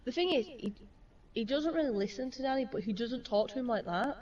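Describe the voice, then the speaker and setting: Woman, young mum, chatty and sweary, higher voice, picked up from across the room on a dull mic. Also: animated, brisk, a little mellow, distant mic. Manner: chatty, swears freely, acts out quoted exchanges. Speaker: mother. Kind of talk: casual chat.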